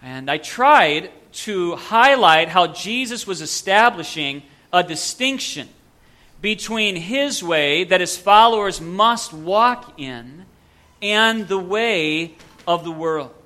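A man preaching a sermon to his congregation, earnest, with rhetorical questions and drawn-out pauses. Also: high-pitched, expressive, sharp tone. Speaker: pastor.

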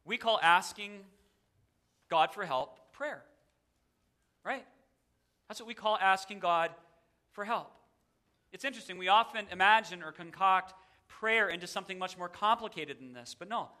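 A man's voice: high voice, moderate pace, pauses often, pushed and bright. A male pastor preaching a sermon in a church, emphatic and repeating a verse with shifting emphasis. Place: church sanctuary.

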